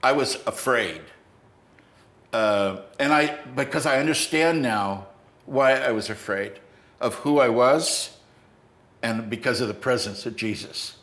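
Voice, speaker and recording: Older man telling a halting story in an echoey room. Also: mid-range voice, fairly bright tone. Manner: halting, with many restarts. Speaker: podcast host. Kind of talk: storytelling in a conversation.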